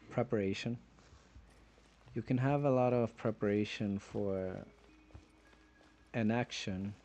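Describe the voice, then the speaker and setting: A man streaming a video game, musing philosophically in halting, rambling phrases between pauses. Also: lowish voice, mellow. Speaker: gaming streamer. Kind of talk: reflective gameplay commentary.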